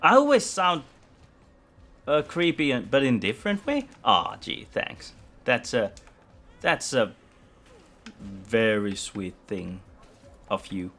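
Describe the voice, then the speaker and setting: A man's voice: mid-range voice, big pitch swings, takes it slowly, pauses often, sharp tone. A man streaming a video game live, chatting with viewers in a hesitant, rambling, self-mocking way. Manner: rambling, hesitant, many restarts. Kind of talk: live gameplay commentary with chat.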